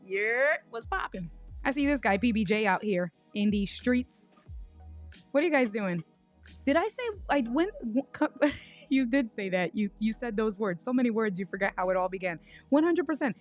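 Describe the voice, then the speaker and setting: A young woman with a fairly high voice hosts a casual livestream. She tells her stories in an animated way, restarting her sentences often and calling out to chat viewers by name. Faint music plays underneath. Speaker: livestream host.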